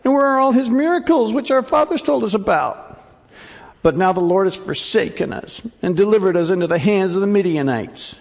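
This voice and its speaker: A man preaching acts out a fearful, doubtful man, complaining in a high, whining voice. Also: lively intonation, brisk, gravelly, in a large hall, full character voice. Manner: high-pitched, complaining whine. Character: whiny, doubtful, fearful grown man Gideon.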